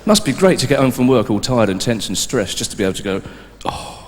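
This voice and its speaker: A man performing a stand-up comedy routine in an animated, playful way. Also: medium pitch, quick pace. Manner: animated, shouting out mock instructions. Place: live comedy stage. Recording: live hall reverb with background noise.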